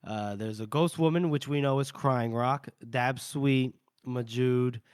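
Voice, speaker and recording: This man's voice sits at a medium pitch with a clean tone, captured in clean studio sound with no room noise. Co-hosting a podcast, he casually goes over a novel chapter by chapter, tossing in brief character impressions and frequent laughter.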